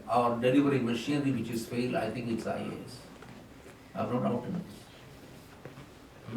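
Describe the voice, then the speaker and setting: An older man with an Indian English accent speaks at a round table, telling emphatic stories from his career in government. His voice carries a heavy echo because he is far from the mic in a hall, with a faint noise underneath. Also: mid-range voice. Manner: emphatic, anecdotal storytelling. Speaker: panel speaker, former civil servant and politician. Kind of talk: round table discussion remarks. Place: conference hall.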